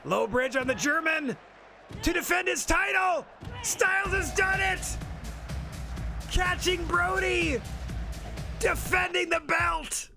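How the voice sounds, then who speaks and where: A man doing a gravelly hyped wrestling announcer. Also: very high-pitched, expressive, moderate pace, music in the background, voice pushed up, exaggerated voice. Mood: excited. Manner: dramatic play-by-play calls. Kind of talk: video game commentary role-play.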